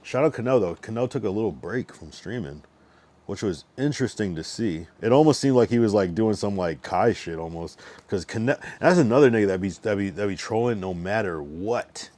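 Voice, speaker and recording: A man's voice: on the low side, animated, a little fast, darkish tone. A young man on a livestream, chatting loosely with lots of slang and swearing, drunk, stuffed and a little out of breath. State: drunk and overfull, a bit out of breath. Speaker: streamer. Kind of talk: casual livestream chat.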